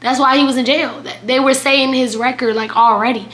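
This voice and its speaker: Young woman vlogging a crazy storytime, bright sharp voice, roomy echo. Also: sits high, fairly quick. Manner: animated, dramatic storytelling with quoted voices. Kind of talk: storytime vlog.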